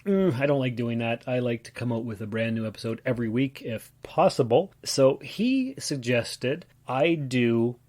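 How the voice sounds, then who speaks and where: Guy doing a solo podcast, middle pitch, lots of uh's and restarts. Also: expressive, normal speed, few pauses, a little mellow. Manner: rambling, with many "uh" fillers and self-corrections. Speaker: podcast host. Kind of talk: casual solo podcast talk.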